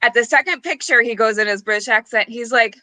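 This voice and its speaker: A woman on a podcast, chatting casually and telling an animated story, giggling and acting out the quotes. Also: a little high, fast talker, dry recording. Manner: giggly, acts out quotes, many restarts. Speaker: podcast co-host.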